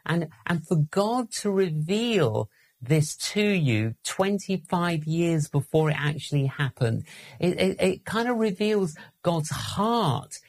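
Slow-speaking man hosting an interview. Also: fairly high pitch, very animated. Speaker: host.

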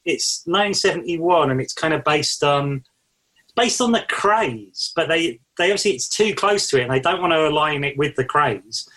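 A man co-hosting a podcast, talking in a relaxed, reflective way with many fillers. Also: fairly high pitch, moderate pace. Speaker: podcast co-host. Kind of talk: casual chat.

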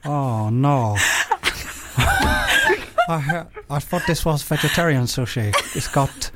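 A man's voice: on the high side, huge pitch swings, slow, heavily acted. Comic bit: a man voicing a foul-mouthed South African guy, noisy background, heavily exaggerated. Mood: indignant. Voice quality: over-the-top comic impression.

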